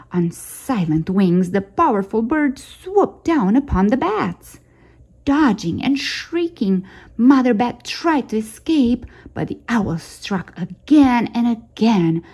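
Slow, gentle woman reading a storybook. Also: mid-range voice, husky. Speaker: storytime host. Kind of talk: children's picture book read-aloud.

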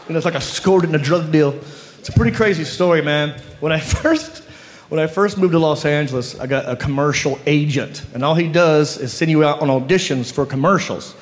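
A man telling an animated stand-up story, laughing through his lines. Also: on the high side, fairly quick, in a large hall. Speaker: stand-up comedian. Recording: live stand-up with audience noise. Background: audience laughter.

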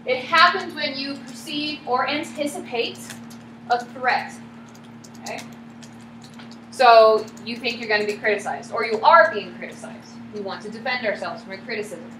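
Female lecturer, higher voice, questions her class often; echoey classroom, hum behind. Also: moderate pace. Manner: lively, asks the class questions. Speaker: psychology lecturer. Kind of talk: classroom lecture with acted examples.

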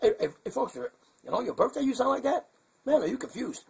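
A man's voice: extremely high pitch, animated, fairly quick, vocal fry, breathy edge, voice pushed up, full character voice. A man voicing a goofy, confused male bird puppet who rambles in a muddled, chuckling way on a puppet comedy show. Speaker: hand puppet co-host.

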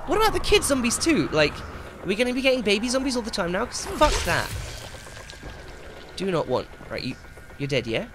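A man giving excitable let's play commentary, swearing and shouting at the game as he plays. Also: high-pitched, a little fast, long pauses, noisy background. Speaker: gaming channel host. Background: game music and sound effects.

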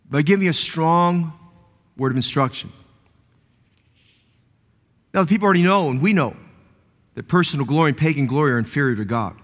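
High, bright-voiced preaching pastor in a reverberant church. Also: male voice. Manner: emphatic, rising preaching cadence with repeated phrases. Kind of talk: sermon. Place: church sanctuary.

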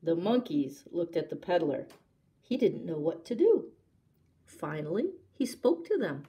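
A woman librarian reading a picture book aloud at story time, pausing to ask the young listeners questions. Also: on the low side. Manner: slow, expressive, asks young listeners questions. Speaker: children's librarian.

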